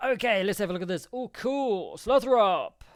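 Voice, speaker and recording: A man's voice: high-pitched, animated, normal speed, no room sound, clean studio sound. A man chatting casually on a game livestream, rambling, joking and correcting himself as he goes. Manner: rambling, jokey, self-correcting. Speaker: game streamer.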